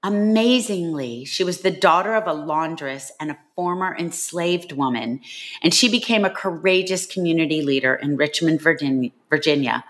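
A woman's voice: low voice, normal speed. A woman co-hosting a book podcast, introducing a guest and asking questions with enthusiasm. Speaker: podcast co-host.

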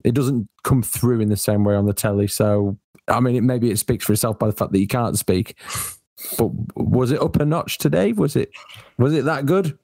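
A man's voice: mid-range voice, moderate pace, creaky, dark tone, dry recording. A man hosting a casual football podcast, chatty, often restarting his sentences and firing off questions. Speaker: podcast host.

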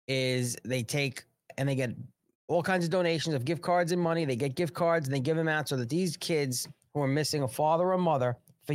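A man's voice: on the high side, no room sound. A man hosting a live political talk show, ranting and sarcastic, breaking off his own sentences and stopping to plug his products. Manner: ranting, sarcastic, restless and self-interrupting. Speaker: host.

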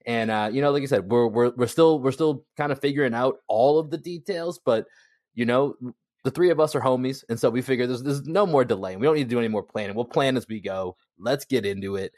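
A man hosting a sports podcast in casual, slangy, energetic chat, laughing often. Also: mid-range voice, fairly quick, dry recording, clean studio sound. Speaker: podcast host.

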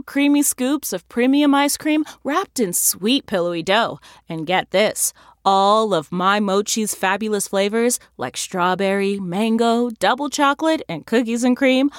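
A woman's voice: mid-range voice, no room sound, studio quality. Upbeat woman reading an ad. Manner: upbeat, playful. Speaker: ad announcer. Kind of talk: scripted ad read.

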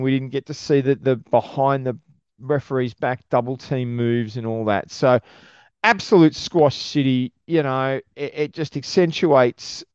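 Brief: man, mid-pitched, rambling casual podcast recap, dull dry lo-fi recording. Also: a little mellow, no room sound. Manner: rambling, lots of fillers and self-corrections. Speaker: podcast contributor.

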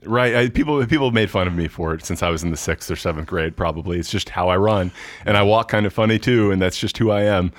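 A young adult man, a baseball pitcher, chatting earnestly and cheerfully as a podcast guest. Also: quick pace, dry recording. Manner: friendly, earnest, frequent restarts and laughs. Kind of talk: casual interview chat.

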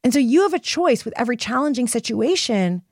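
A woman's voice: a little high, lively intonation, brisk, darkish tone, no echo, clean studio sound. A woman hosting a personal self-help podcast, coaching listeners in an earnest, emphatic way. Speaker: podcast host.

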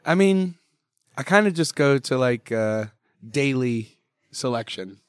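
A man's voice: medium pitch, expressive, a little slow, smooth, no echo. Young man, interview guest, laid-back, swearing, laughing, dry close sound. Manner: polite with a playful "yes, ma'am". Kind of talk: casual joking interview chat.

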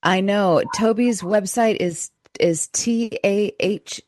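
A woman's voice: mid-range voice, takes it slowly, hardly any pauses, a little mellow, dry recording. Female call-in host, effusive, dry close mic. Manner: effusive, gasping reactions. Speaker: radio show host. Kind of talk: call-in radio talk.

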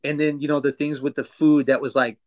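This tattoo artist, a man in his thirties, has a voice on the high side with little pitch movement and talks a little fast. Chatting casually as a podcast guest, he tells loose, profane stories packed with fillers.

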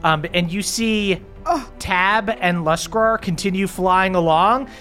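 Hesitant game master with music behind. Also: male voice, high voice, takes it slowly. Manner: hesitant, lots of ums, relaxed. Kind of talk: narrating a tabletop game.

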